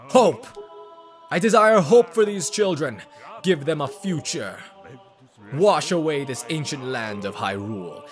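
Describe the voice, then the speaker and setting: A man voicing an older male king in a video game, speaking in loud, raised declarations. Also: mid-range voice, sing-song, unhurried, faint music behind. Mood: imploring.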